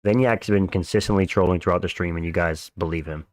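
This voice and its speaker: Deep-voiced man streaming casual fight chat. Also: fairly even intonation, quick pace, no echo, clean studio sound. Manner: slangy, chatty, thanks viewers for donations. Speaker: livestream host. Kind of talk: casual live fight-watch commentary.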